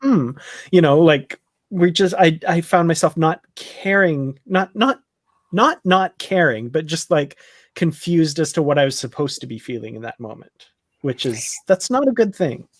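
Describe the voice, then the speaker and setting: A man's voice: a little high, lively intonation, unhurried, no room sound. Man musing in a casual panel, dry sound. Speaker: panelist on a live show discussion. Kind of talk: casual chat.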